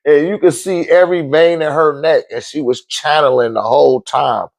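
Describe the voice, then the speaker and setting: A man in his forties or older telling a story casually, swearing often, laughing, and acting out quotes in sudden high outbursts. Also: normal speed, no echo. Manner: profane, animated, laughs often. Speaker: podcast host telling a story.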